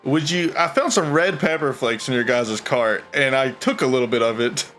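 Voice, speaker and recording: A man voicing a chatty male school cook with a strong Boston accent and chummy sales-pitch patter. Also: normal speed, a bit bright, soft background music, natural voice.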